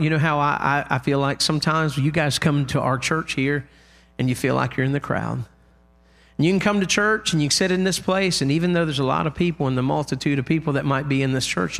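A man preaching a sermon in a church, impassioned, loudly crying out the lines he quotes. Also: fairly high pitch, vocal fry.

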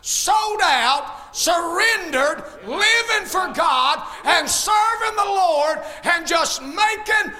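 A man preaching a fiery sermon as pastor, shouting much of it and mixing in folksy humor. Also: extremely high pitch, lively intonation, slow pace, hardly any pauses.

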